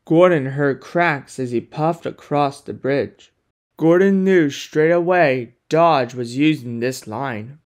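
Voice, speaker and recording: A narrator telling a fan-made animated engine story in a plain, even storybook manner. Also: medium pitch, takes it slowly.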